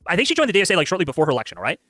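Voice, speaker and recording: A man live-streaming casual commentary, talking rapidly with lots of filler words, tired from a long stream. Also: sits high, huge pitch swings, pushed and bright, no room sound, clean studio sound. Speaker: streamer reacting to clips.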